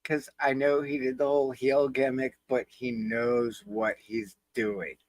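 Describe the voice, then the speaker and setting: A man's voice: mid-range voice, flat delivery, a little slow, no room sound. A man co-hosting a casual wrestling podcast, laid-back with wry asides. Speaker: podcast co-host.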